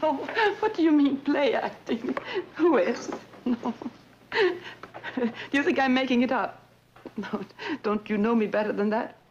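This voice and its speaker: An actress playing an abandoned woman on the phone to her lover, halting and soft-spoken as she insists she is calm. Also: fairly high pitch, slight background noise, natural voice. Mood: strained. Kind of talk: dramatic monologue, one side of a phone call. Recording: dull lo-fi recording.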